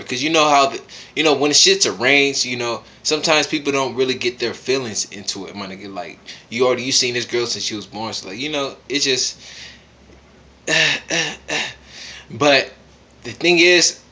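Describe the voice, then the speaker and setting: A man who is high and tipsy, reviewing a manga chapter in a casual, profane vlog full of slang and laughing asides. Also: moderate pace, bright, forceful tone.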